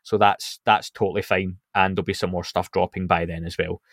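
Male host, casual talker, slightly low pitch, announces updates in a loose, chatty way. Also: flat delivery, brisk, fairly bright tone, dry recording, clean studio sound. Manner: chatty, runs through announcements with filler ums. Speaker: podcast host. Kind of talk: casual podcast news chat.

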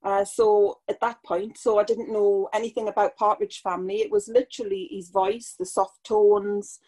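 A woman's voice: medium pitch, expressive, moderate pace, dark tone, husky. Chatty Geordie woman in her sixties. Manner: chatty and nostalgic, laughing often. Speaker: guest. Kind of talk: casual conversational interview.

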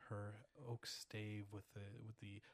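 Halting male game master narrating horror. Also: on the low side, completely flat delivery. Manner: halting, repeats words when narrating.

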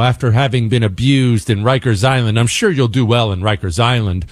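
A man hosting a radio talk show, delivering an emphatic opinion monologue and slowing down to hammer his points. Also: medium pitch, dry recording, studio quality.

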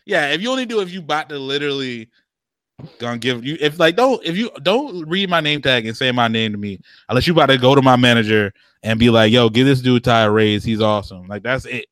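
A man's voice: medium pitch, lively intonation, fast talker, a bit bright, no echo, clean studio sound. A young man co-hosting a casual chat, slangy and profane, often laughing and acting out what others say.

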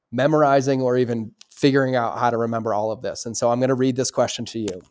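A man's voice: mid-range voice, darkish tone. A man hosting a solo podcast from his home studio, talking casually in an upbeat, motivational way. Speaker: podcast host.

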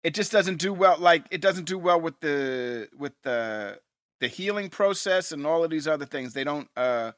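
Bright-voiced man co-hosting a podcast. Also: a little high, normal speed, no room sound, clean studio sound. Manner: animated, laughs often, rewatch commentary. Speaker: podcast co-host. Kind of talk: casual chat.

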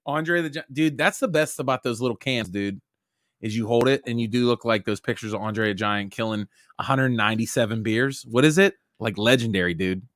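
Bright-voiced jokey podcast dad. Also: male voice, mid-range voice, animated, moderate pace, dry recording, studio quality. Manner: loose, jokey, says "dude" constantly. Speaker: podcast host. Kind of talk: casual podcast chat.

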